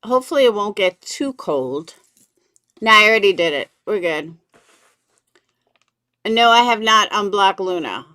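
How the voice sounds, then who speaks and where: Chatty woman live-streaming with a lively voice. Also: mid-range voice, unhurried, long pauses, smooth, no room sound, studio quality. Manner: chatty, greets viewers by name, talks to her chat. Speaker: livestream commentary host. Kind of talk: casual live-stream chat with viewers.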